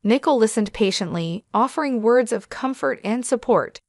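A woman reading a scripted first-person drama as narrator, in a steady, even way. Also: a little high, moderate pace, no echo, studio quality.

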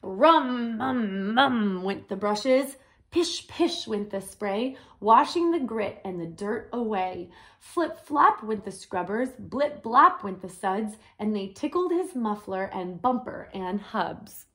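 Slow, gentle woman reading a picture book. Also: medium pitch, lively intonation. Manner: gentle, adds her own comments. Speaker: storyteller.

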